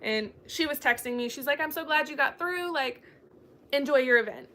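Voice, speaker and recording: Young woman, book chat host, bubbly storyteller, bright and slightly high. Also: normal speed. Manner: bubbly storytelling, acts out quoted dialogue. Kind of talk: casual chat.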